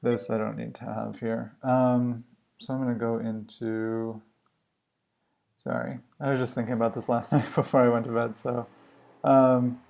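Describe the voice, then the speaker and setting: A man live coding on a stream, thinking aloud in a musing, halting way and questioning himself as he works. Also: mid-range voice, creaky, darkish tone. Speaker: livestream coder.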